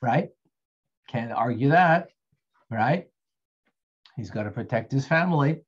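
A man of middle pitch teaches an online Torah class in a relaxed, conversational way. He keeps putting questions to his students and thanks them by name. The sound is slightly dull and lo-fi. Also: slow pace, slightly rough.

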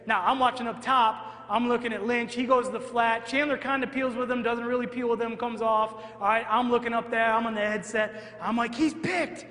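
A man with a high, bright voice gives an energetic coaching clinic talk and keeps checking in with his audience. The sound is roomy, with a long hall reverb trailing each phrase. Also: a little fast, few pauses. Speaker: football coach presenting at a clinic. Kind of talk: coaching clinic talk over game film. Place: large hall in front of an audience.

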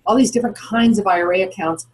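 A woman's voice: medium pitch, fast talker, darkish tone, breathy edge, rough recording. A woman guest on a podcast interview, explaining things in a chatty way and posing questions to herself as she goes. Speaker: guest, founder of retirement account custodian.

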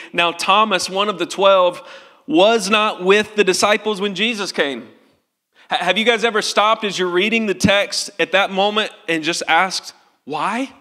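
A man's voice: high voice, bright, forceful tone, in a large hall. A male pastor preaching a sermon in an earnest, tender way, in a church sanctuary.

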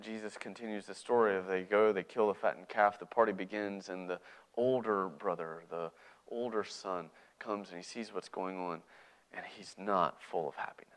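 A man's voice: sits low, fairly even intonation, moderate pace. A man preaching a sermon in a conversational way, often checking in with his listeners. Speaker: pastor.

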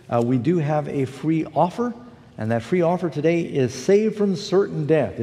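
A man's voice: mid-range voice, dark tone, in a large hall. A man preaching a broadcast sermon, telling stories in a folksy, emphatic way.

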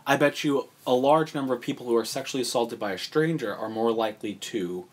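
A man's voice: mid-range voice, brisk. A man co-hosting a podcast, chiming in conversationally. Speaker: podcast co-host.

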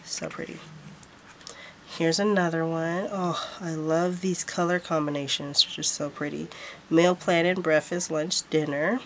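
A woman's voice: deep voice, steady tone, normal speed, a little hiss or hum. A woman vlogger showing off planner stickers in a casual haul, gushing and repeating how cute everything is.

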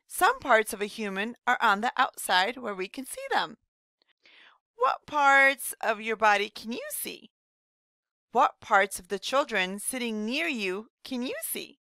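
A woman voicing a cheerful rhyming woman children's doctor, explaining slowly and gently to young children in a scripted read-aloud lesson. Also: a little high, expressive, dry recording, clean studio sound, heavily acted. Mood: friendly.

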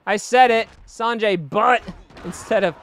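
A young man hosting a gaming video, giving excitable, jokey let's-play commentary and laughing often. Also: high-pitched, unhurried. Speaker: gaming channel host.

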